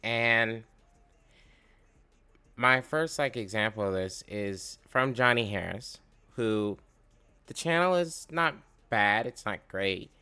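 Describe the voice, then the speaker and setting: A man's voice: fairly low pitch, animated, takes it slowly, pauses often, pushed and bright, clean tone. Profane ranting man. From United States. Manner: profane, rambling, fired up. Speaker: commentator reacting to a video. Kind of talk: casual ranting commentary.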